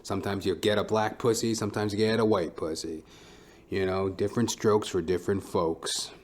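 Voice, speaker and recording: A man's voice: lowish voice, steady tone, normal speed, a little mellow. A man who is a stand-up comedian, hosting his own podcast in a blunt, profane, rambling monologue.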